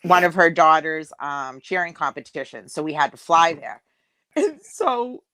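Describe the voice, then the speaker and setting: A woman's voice: sits low, measured pace, dry recording. Joking storyteller woman. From Massachusetts. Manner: lively joking storyteller, laughs often. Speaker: host of a group live chat. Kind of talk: casual chat, storytelling. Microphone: video call.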